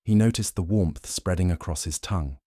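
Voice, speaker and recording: A man giving calm, slow, soothing scripted narration of a bedtime story, close to the mic. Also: deep voice, dry recording.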